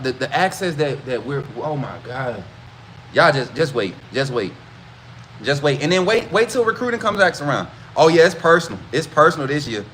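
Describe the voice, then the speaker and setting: A man hosting a casual football livestream, talking straight to his chat with animated, repetitive hype. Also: a little high, moderate pace, a little hiss or hum. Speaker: host of a college football livestream.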